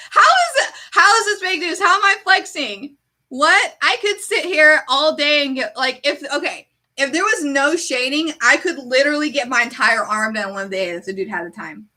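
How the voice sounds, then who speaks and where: A woman streamer in casual chat, an animated storyteller who fills her talk with "like". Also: high-pitched, measured pace. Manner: chatty, heavy use of "like".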